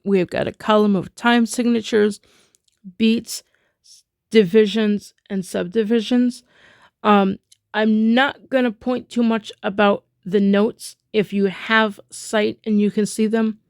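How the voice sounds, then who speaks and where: A woman's voice: mid-range voice, no echo, clean studio sound. A woman teaching a music rhythm lesson in a chatty way, full of fillers, chanting rhythm syllables as she taps.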